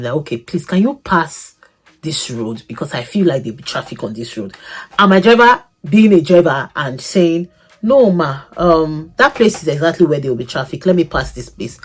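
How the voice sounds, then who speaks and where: Young woman, vlogger telling a story with big swings in pitch, a slightly husky voice. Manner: animated, laughing, swings between loud outbursts and soft asides. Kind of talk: casual storytelling to camera.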